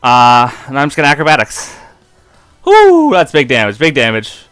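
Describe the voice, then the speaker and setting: A man giving live gameplay commentary in an excitable way, often breaking into helpless laughter, on a close, dry mic. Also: mid-range voice, normal speed, clean tone, no room sound, faint music behind. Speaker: competitive game player and video creator.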